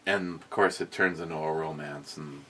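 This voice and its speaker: A man's voice: rumbling low, moderate pace, husky. A man hosting a beer review show, chatting casually, rambling and swearing as he tells stories. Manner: rambling, profane, animated storytelling. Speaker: beer review podcast host. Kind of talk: casual chat.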